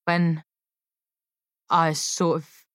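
A woman's voice: deep voice, little pitch movement, very slow, clean tone, dry recording, studio quality. A woman voicing an awkward, sulky young man who grumbles under his breath. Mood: grumbling.

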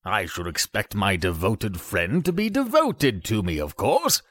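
A man's voice: lowish voice, big pitch swings, a little slow, fairly bright tone, no echo, heavily acted. A man voicing a pompous, self-important old male water rat in a storybook reading. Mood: scornful.

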